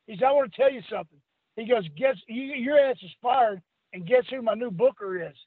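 An older man calls in over a tinny phone line. His voice sits high and husky. He rambles through stories, acting out the other people's lines and breaking into laughs. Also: fast, no room sound. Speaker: interview guest, former wrestler. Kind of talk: storytelling anecdote.

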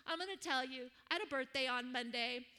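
Woman preacher, 50s, high bright voice, sermon storytelling. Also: a little fast. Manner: warm storytelling with laughs and prayer.

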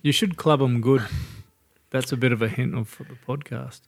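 A man's voice: mid-range voice, steady tone, normal speed, creaky, heavy background noise. An Australian man co-hosting a casual podcast, talking bluntly and swearing freely. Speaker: podcast co-host. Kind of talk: casual chat.

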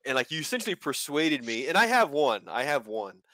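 A man's voice: on the high side, big pitch swings, fairly quick, bright, forceful tone, no room sound. A man co-hosting a casual car podcast, easygoing and agreeable, chiming in with short reactions and his own anecdotes. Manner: easygoing, agreeable, chuckles along. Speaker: podcast co-host. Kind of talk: casual chat.

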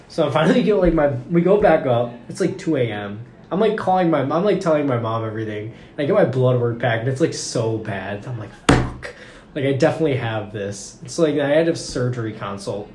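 A young man with a mid-range, somewhat dark voice tells a long story quickly and with energy, rambling and constantly saying "like." He's a podcast guest chatting casually, recorded in a roomy space with faint background noise.

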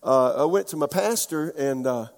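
A man's voice: fairly high pitch, lively intonation, normal speed, long reverb tail. A man, a pastor from South Carolina preaching a sermon with folksy storytelling and questions to the congregation. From South Carolina, USA.

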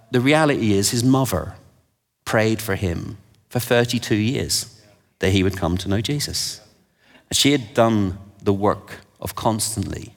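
A man preaching a sermon, telling stories with animated energy and self-deprecating asides. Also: fairly low pitch. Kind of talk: sermon with anecdotes. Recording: long hall reverb.

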